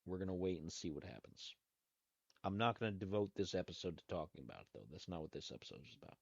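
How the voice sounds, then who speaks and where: A low-pitched, husky, creaky voice belongs to this podcast host, who talks fast and expressively. Rambling casually on his solo show, he restarts and adds asides; the recording is dry, dull, lo-fi and without echo.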